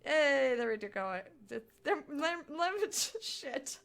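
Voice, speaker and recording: A woman's voice: high-pitched, big pitch swings, takes it slowly, gravelly, a bit bright. A woman streaming live, joking about a game and reading its text aloud in a chatty, playful way.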